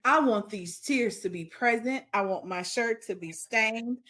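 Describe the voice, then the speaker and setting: A middle-aged woman co-hosting a podcast in casual chat, opinionated and quick to joke and laugh. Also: fairly high pitch, a bit bright. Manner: joking and opinionated, laughs often. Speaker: podcast co-host.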